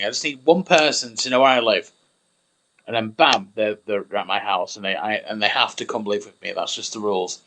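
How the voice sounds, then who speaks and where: Chatty man, bright voice. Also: fairly low pitch, fairly even intonation, fairly quick, slight background noise, rough recording. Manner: rambling, chatty, self-mocking. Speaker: gameplay commentator. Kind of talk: casual gameplay commentary.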